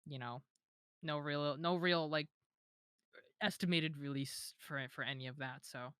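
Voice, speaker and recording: A woman's voice: deep voice, unhurried, a bit bright, clear, resonant tone, dry recording, studio quality. A young woman talking casually as an interview guest, hesitant with many fillers and restarts, giggling now and then. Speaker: modpack creator, interview guest.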